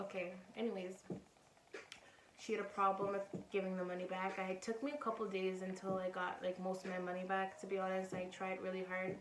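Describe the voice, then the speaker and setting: A woman's voice: mid-range voice, level tone, brisk. Chatty young woman in an echoey room. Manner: candid, chatty, acts out other people's lines. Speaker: vlogger. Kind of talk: casual storytelling to camera. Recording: roomy, distant from mic, background noise.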